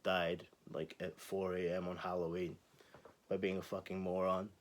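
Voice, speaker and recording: A man's voice: sits low, flat delivery, normal speed. A man in his twenties hosting his own channel, ranting to camera in a casual, sarcastic and sweary way. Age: 20s. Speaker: channel host.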